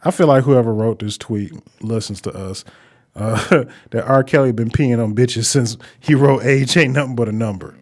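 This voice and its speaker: A man's voice: medium pitch, moderate pace. A man co-hosting a podcast in casual chat, laid-back and profane as he reads out and defends opinions. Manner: laid-back, profane, reading tweets aloud. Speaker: podcast co-host.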